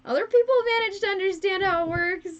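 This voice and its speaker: High-pitched giggly woman streaming. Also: quick pace, muffled recording. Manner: giggly and self-deprecating, laughs often. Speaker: fursuit maker streaming live. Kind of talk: casual live-stream chat with viewers. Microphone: wrong microphone.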